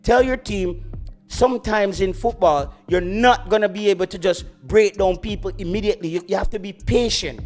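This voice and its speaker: High-voiced Jamaican man ranting. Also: moderate pace, a little mellow, faint music behind. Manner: boastful, ranting, slips into patois. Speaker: football YouTube host. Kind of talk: heated livestream football rant.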